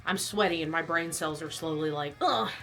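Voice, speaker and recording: A woman's voice: sits low, normal speed, fairly bright tone, faint music behind. Breathless chatty woman vlogging. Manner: chatty, rambling, self-deprecating. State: out of breath, coughing. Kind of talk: casual fitness vlog.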